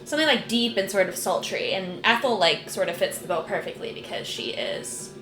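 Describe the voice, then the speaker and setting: A woman's voice: medium pitch, lively intonation, fairly quick. A woman streamer giving casual let's play commentary, chatty and gushing, with plenty of "like". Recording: roomy, game music behind.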